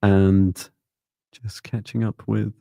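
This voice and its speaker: Man, very deep voice, gravelly, live-stream co-host, chatty, dry sound. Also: level tone, slow, warm tone, dry recording. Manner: chatty, laughs easily. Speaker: co-host, psychic reader. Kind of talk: live-stream chat and readings.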